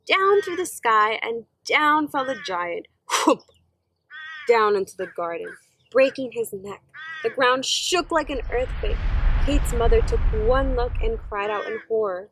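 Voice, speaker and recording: A woman teacher reading a children's story aloud, slow, gentle and expressive. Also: on the high side, breathy edge, rough recording.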